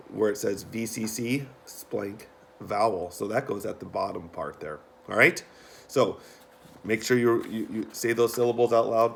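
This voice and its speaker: Gravelly-voiced male teacher. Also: on the low side, slight background noise. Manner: patient, repeats himself, many ums and restarts. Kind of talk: recorded classroom instructions for students.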